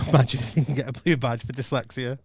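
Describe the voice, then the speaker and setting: A man's voice: mid-range voice, fairly even intonation, fast talker, darkish tone, no echo. A man in his thirties co-hosting a podcast, joking and laughing often, with a close, dry mic sound. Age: 30s. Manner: jokey, laughs often, puts on silly accents. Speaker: podcast co-host. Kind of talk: casual banter.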